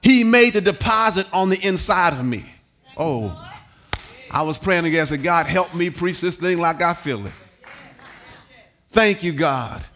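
A man preaching a sermon as pastor in a church, building to shouts, repeating words and calling on the congregation to respond. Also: on the high side, lively intonation, unhurried, long pauses. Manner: repeats words, sings some lines. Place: church hall.

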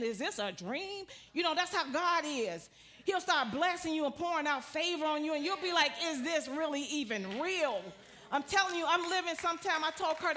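A woman telling a church testimony with animated storytelling that rises to joyful exclamations. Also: a little high. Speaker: testimony speaker.

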